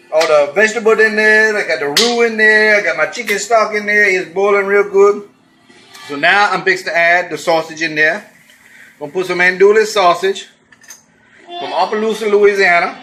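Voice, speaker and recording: A man's voice: high-pitched, rough recording. A man hosting a casual cooking demonstration, exuberant and folksy with whooping exclamations. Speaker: cooking show host.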